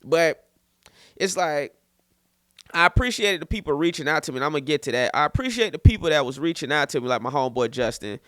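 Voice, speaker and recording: A man's voice: a little high, quick pace, dry recording, clean studio sound. A man in his thirties hosting a podcast, telling a story casually and acting out quotes. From St. Petersburg, Florida. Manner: animated, loose, repeats words and acts out quotes. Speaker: podcast host and comedian.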